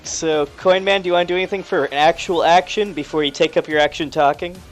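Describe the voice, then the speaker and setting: A young man narrating as game master of a tabletop game, casual and halting with lots of fillers. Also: a little high, fairly even intonation, faint music behind.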